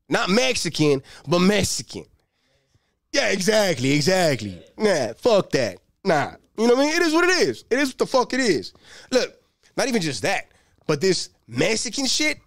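A young man doing a profane, streetwise stand-up routine and breaking into shouted bursts. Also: sits high, no echo, studio quality. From Los Angeles. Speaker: stand-up comedian.

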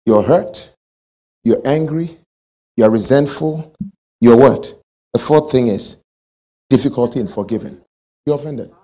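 A man's voice: medium pitch, measured pace, long pauses, dark tone. A male pastor preaching a sermon, asking the congregation questions and acting out everyday quarrels.

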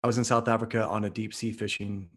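A man's voice: fairly low pitch, little pitch movement, quick pace. A man from Oklahoma, a podcast guest, telling a story in an earnest, vivid way. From Oklahoma, US Midwest. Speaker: podcast guest, author and speaker. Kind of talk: storytelling in conversation.

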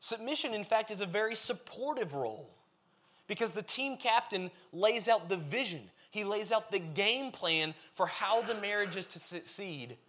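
High-voiced earnest man preaching. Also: expressive, moderate pace, sharp tone. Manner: earnest, emphatic, builds points in lists. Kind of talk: sermon with scripture reading.

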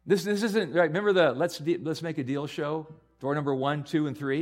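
A man preaching a sermon as pastor, earnest and repeating himself, building to loud emphatic peaks. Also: fairly high pitch, moderate pace, soft background music.

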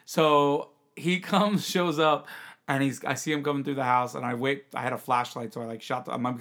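A man's voice: medium pitch, moderate pace. A young man hosting a podcast, telling a story in casual chat and acting out the voices of people in it. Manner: animated, acts out quoted voices and laughs often. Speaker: podcast host.

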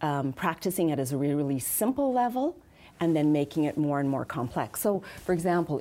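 A woman who works as a speech and accent specialist, answering interview questions in a measured, practical way with frequent fillers. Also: low voice, expressive, warm tone.

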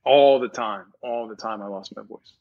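A man's voice: medium pitch, moderate pace. A man, a voice actor guest chatting casually and rambling in an interview, laughing easily. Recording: dull lo-fi sound.

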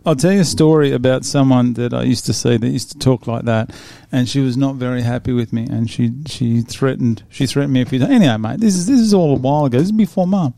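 Man, 40s, relaxed chatty host, gravelly low-toned voice, dry close sound. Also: a little fast, no echo. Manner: chatty, laid-back, laughs often. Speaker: podcast host previewing fights. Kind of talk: casual chat.

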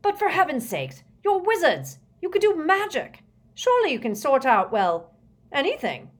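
A man's voice: extremely high pitch, wildly swooping pitch, measured pace, fairly bright tone, pitched above the performer's own voice, exaggerated voice. A woman voicing a flustered middle-aged male prime minister who stammers anxiously. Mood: exasperated.

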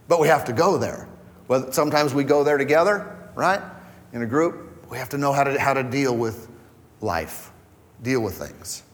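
A man's voice: mid-range voice, lively intonation, normal speed, long reverb tail, slight background noise. A man preaching a conversational sermon as pastor, acting out quoted voices as he goes. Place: church hall.

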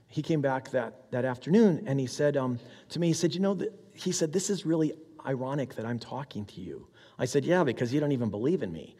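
A man of middle pitch preaching in a large hall whose long reverb trails each phrase. He tells a personal story in a conversational way, voicing the other people in it, and clears his throat often. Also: warm tone. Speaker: military chaplain. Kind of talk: sermon storytelling.

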